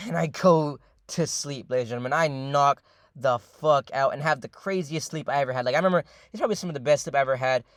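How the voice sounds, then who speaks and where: This young man spins a long, meandering story in a relaxed, foul-mouthed style, loaded with fillers and repetition, and he keeps calling his listeners "ladies and gentlemen." His voice leans high and his pace is fast. The audio is studio quality, with no echo.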